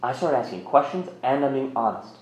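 Speaking fairly quickly with lively intonation, this mid-range male voice belongs to a man in his thirties recounting his recovery. He's candid, rambling and self-mocking, captured in a roomy, slightly muffled recording with a little hiss or hum.

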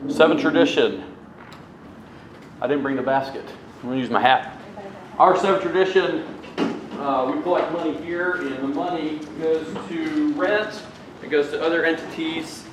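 A man's voice: a little high, normal speed. Casual man chairing a meeting in an echoey room. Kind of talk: running a recovery meeting. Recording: echoey room with clear background noise.

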